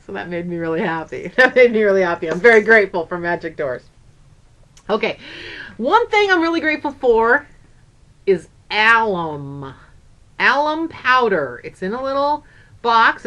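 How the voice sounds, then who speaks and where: A woman's voice: medium pitch, sing-song, moderate pace, fairly bright tone. An older woman and grandmother chatting casually in a craft vlog, upbeat and rambling. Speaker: craft vlogger.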